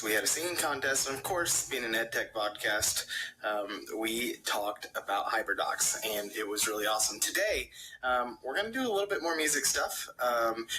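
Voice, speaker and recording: A man hosts a casual talk show with a very bright, crisp tone. He keeps things upbeat, dropping ums as he moves the chat along. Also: medium pitch, a little hiss or hum, rough recording. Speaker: podcast host.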